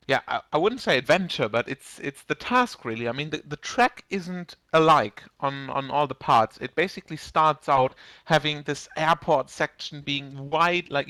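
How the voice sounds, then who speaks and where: Man from Germany, English, co-commentator, hesitant, analytical, bright tone, dry sound. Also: a little high, no echo. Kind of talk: live sim racing commentary.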